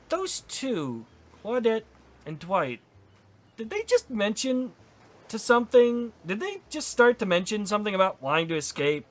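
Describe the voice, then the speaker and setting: A man's voice: high voice, big pitch swings, measured pace. A man hosting a let's-play, bemused and joking as he talks back to the game. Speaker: gaming channel host.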